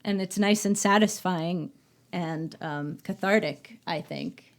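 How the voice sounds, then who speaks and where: A woman's voice: lowish voice, slow pace. A woman hosting a casual podcast chat, giving opinionated film reviews and often trailing off and restarting her thoughts. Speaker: podcast host.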